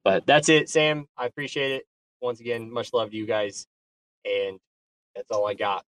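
A man's voice: mid-range voice, steady tone, moderate pace, a bit bright, slight background noise. A man speaking casually on an online community call, effusive and often restarting his words. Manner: hesitant, repeats words, effusive. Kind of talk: casual chat.

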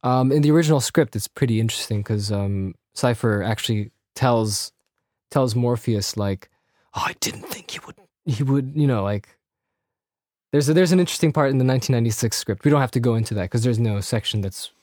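A man's voice: mid-range voice, fairly quick, darkish tone, no echo, clean studio sound. A man co-hosting a casual podcast chat, rambling and reading out old script lines. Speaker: podcast co-host.

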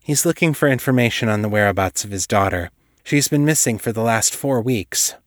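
A man's voice: fairly low pitch, animated, fairly quick, no echo, studio quality, close to an everyday voice. A man doing a firm woman investigator. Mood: courteous. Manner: firm, purposeful.

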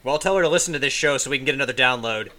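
Quick bright guy on a gaming podcast, upbeat, jokey. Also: medium pitch. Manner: fast, upbeat, joking. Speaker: podcast co-host. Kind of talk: casual podcast banter.

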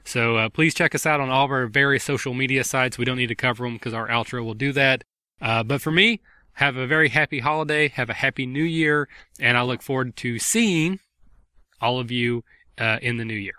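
A man's voice: mid-range voice, fairly quick, sharp tone, clear, resonant tone, no echo. A man hosting a gaming podcast, chatting in a friendly, rambling way with lots of fillers. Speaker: podcast host. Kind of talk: casual podcast chat.

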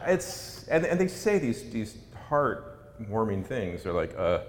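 Middle-aged guy telling funny stories at a talk, low voice with lots of swing, echoey hall. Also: slow. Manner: wry, self-mocking, animated. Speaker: author giving a talk. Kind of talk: humorous storytelling talk. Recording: echoey hall with faint rumble.

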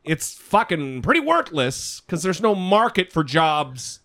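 A man's voice: fairly high pitch, big pitch swings, measured pace, bright, forceful tone. A man hosting a casual comedy podcast, joking, teasing his co-host and swearing freely.

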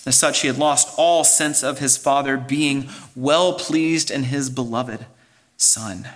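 A man's voice: medium pitch, fairly even intonation, takes it slowly. A man preaching a sermon as pastor, earnest and explanatory, building emphasis as he goes.

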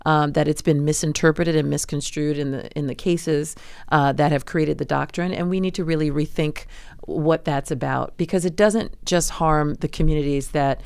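Woman attorney guest on radio, gravelly but smooth voice, measured explanations, dry studio sound. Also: low voice, fairly even intonation, a little mellow, no room sound. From New York City. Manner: measured, explanatory, with fillers and restarts. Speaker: civil rights attorney, guest. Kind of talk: radio interview.

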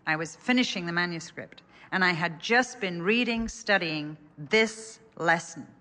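A woman's voice: on the low side, a little slow, bright, forceful tone. An older woman telling an earnest personal story in a sermon. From England. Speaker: speaker. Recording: echoey hall.

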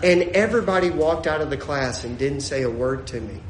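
A man in his thirties preaches with a high, light voice. He jumps into the voices of people in his stories. The room is echoey, with a faint hum of ambience behind him. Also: animated, brisk. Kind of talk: humorous sermon with storytelling.

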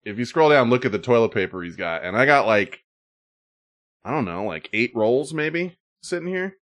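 A man's voice: medium pitch, very animated, normal speed, fairly bright tone. Casual male podcast host reading emails. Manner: reads listener emails, swears casually.

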